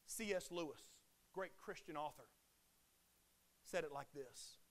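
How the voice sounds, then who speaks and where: A man preaching a sermon, swinging between loud impassioned declarations and hushed, quiet drops. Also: a little high, a little slow.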